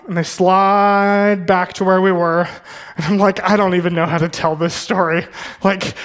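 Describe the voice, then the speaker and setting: A young male pastor with a notably high voice preaches in a church. He tells his story conversationally, full of fillers and quick self-corrections. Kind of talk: sermon with personal storytelling.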